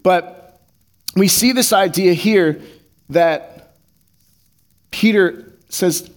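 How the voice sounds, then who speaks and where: Speaking very slowly with long pauses, a pastor delivers his sermon in a relaxed, conversational way. His voice is a bit higher than most men's, and he reads scripture aloud before unpacking it in everyday language.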